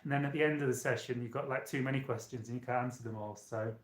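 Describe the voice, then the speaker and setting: A man's voice: medium pitch, fairly even intonation, quick pace. A man hosting a casual live stream from a small hotel room. He rambles chattily and talks straight to his viewers. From United Kingdom. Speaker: channeler and live-stream host. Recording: roomy echo.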